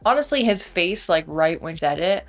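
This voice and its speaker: A woman's voice: lowish voice, animated, moderate pace. A young woman in casual recap commentary, chatty, filling her talk with "like" and acting out what people said. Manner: chatty, heavy use of "like", retells scenes in quotes. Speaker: recap vlogger.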